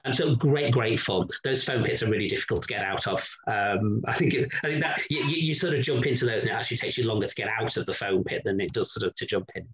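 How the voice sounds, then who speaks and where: A man's voice: fairly low pitch, lively intonation, fast talker, few pauses, fairly bright tone, rough recording. A middle-aged man giving a casual promotional walkthrough as a resort sales representative, talking chattily with many "sort of" and "um" fillers.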